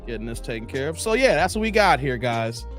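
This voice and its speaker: A man hosting a casual live stream, talking in loose slang, greeting viewers by name and getting animated as he riffs. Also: brisk, faint music behind. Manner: animated, jumps high in pitch when worked up.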